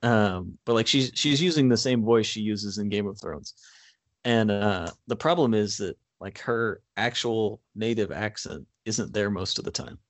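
A man co-hosts a casual film chat in a lowish voice, recorded dry and close. He speaks in a measured way, filling pauses with "um" and "like". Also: no echo. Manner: frequent "um" and "like", measured. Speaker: podcast co-host.

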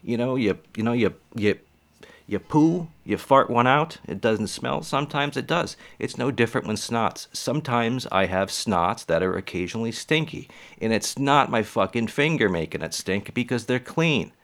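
A man's voice: mid-range voice, animated, normal speed, fairly bright tone. A man who does stand-up comedy, talking casually and rambling to his viewers, with lots of swearing. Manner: rambling, profane, chatty.

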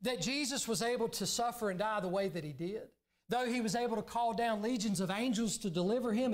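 In a church sanctuary, a pastor preaches an earnest sermon, now and then dropping into a hushed, pleading voice. His pitch is extremely high.

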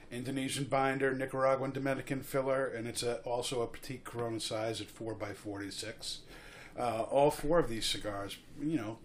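Relaxed man hosting a casual chat. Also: medium pitch, slight background noise. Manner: relaxed, steering the talk around the group. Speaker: host.

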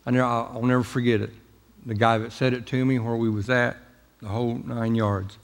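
A man's voice: mid-range voice, flat delivery, brisk, vocal fry. Folksy preaching man in reverberant church. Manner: folksy, emphatic preaching with jokes. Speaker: pastor. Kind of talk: sermon. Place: church sanctuary.

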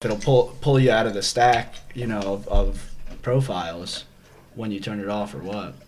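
A man's voice: fairly low pitch, moderate pace, a little hiss or hum. A young man co-hosting a podcast, explaining things in casual chat and often repeating words. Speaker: podcast co-host.

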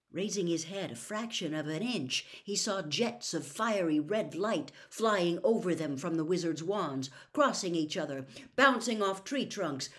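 A woman reading a novel aloud expressively as a storyteller. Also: fairly low pitch.

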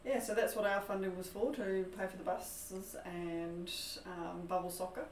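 A woman's voice: on the low side, flat delivery, moderate pace, a little mellow, a little hiss or hum. A woman organising community events, explaining things matter-of-factly in casual chat. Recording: echoey room, a bit far from the mic.

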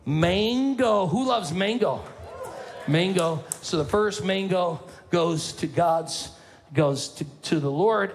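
A man preaching as a pastor in a playful, animated way, calling out to his congregation. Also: a little high. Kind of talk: sermon.

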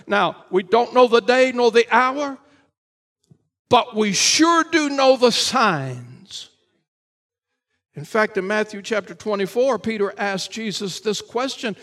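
A man, a pastor, preaching a Sunday morning sermon in church, emphatic and repetitive, rising to shouts and then dropping low. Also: expressive, takes it slowly. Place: church service.

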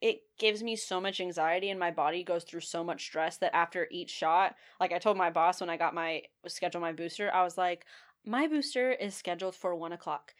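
Young woman co-host, everyday animated storyteller, loose and laughing, casual swearing. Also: fairly low pitch, a little fast, few pauses. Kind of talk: casual chat.

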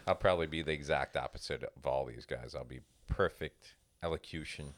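A man co-hosting a comedy podcast, telling stories in a casual, animated way and acting out other people's voices. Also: extremely low pitch, fairly quick. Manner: animated storyteller, acts out voices. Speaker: podcast co-host.

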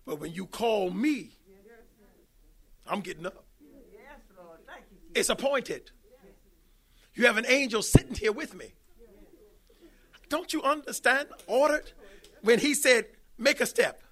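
A man preaching an emphatic sermon that rises now and then to shouts. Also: very high-pitched, very animated, a little slow, long pauses.

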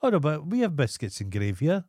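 A man's voice: on the high side, wildly swooping pitch, fast, darkish tone, no echo, clean studio sound. Wry Scottish man with sweary banter. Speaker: podcast co-host. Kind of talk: casual podcast chat.

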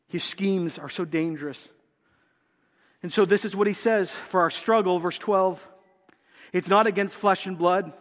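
A pastor, preaching a sermon in a church and speaking earnestly and directly to the congregation. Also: male voice, fairly high pitch, in a large hall. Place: church sanctuary.

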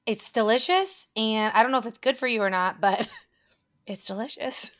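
A woman co-hosting a podcast, talking in loose, rambling chat. Her voice has a slight rasp and grit to it, and she laughs often between thoughts. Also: fairly high pitch, moderate pace, a bit bright. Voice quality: slightly raspy, gritty tone right now. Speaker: podcast co-host. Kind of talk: casual chat.

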